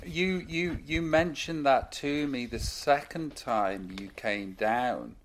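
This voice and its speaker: A man's voice: medium pitch, takes it slowly, a little hiss or hum. A British man as a podcast guest, talking candidly and loosely, rambling and reflecting on himself. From United Kingdom. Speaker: guest, musician. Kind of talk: casual chat.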